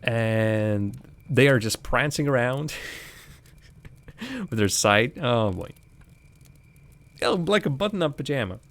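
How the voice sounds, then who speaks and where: A man's voice: mid-range voice, animated, slow pace, pauses often, fairly bright tone. A man giving casual, rambling commentary while streaming a game live, chatting with viewers and laughing often.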